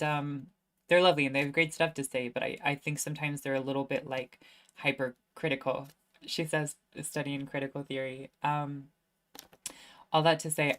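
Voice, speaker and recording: A woman's voice: low voice, fairly bright tone. A young woman, a student, chatting casually on a livestream and answering viewer questions, self-mocking and laughing often.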